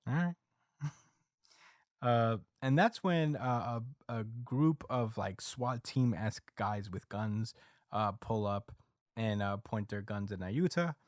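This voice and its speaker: Low-voiced guy rambling through a recap, lots of uhs, dry close mic. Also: slow pace, dry recording. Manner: rambling, with many fillers and acted quotes. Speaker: podcast host recapping a manga chapter. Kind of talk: casual chat.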